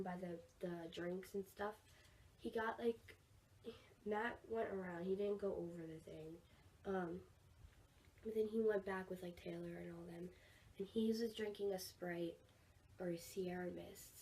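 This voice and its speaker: Teen girl vlogger, gushing storytime, mellow tone, a bit off-mic, faint room hiss. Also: mid-range voice. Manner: rambling, excited, fillers like "like" and "oh my gosh". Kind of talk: casual storytime vlog. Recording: somewhat distant mic with faint room noise.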